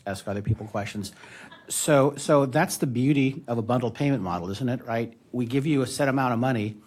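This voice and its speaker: A man's voice: medium pitch, darkish tone, slightly rough. A man on a discussion panel explaining a point with plain everyday examples, in a wry tone.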